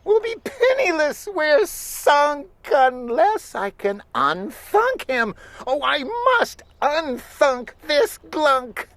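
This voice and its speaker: Reader doing a shrill panicking little girl. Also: very animated, slow, a bit bright, exaggerated voice. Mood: panicked. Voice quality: shrill and alarmed. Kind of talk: storybook reading.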